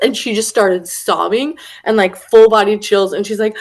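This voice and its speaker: Woman, podcast host, casual talk, animated storytelling, mid-pitched voice. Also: fairly quick, hardly any pauses. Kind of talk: casual spiritual conversation.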